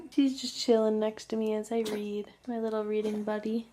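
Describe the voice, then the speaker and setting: A woman vlogging casually about a book she is reading, reacting in a hushed, chatty way. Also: mid-range voice, steady tone, normal speed. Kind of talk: casual reading vlog chat.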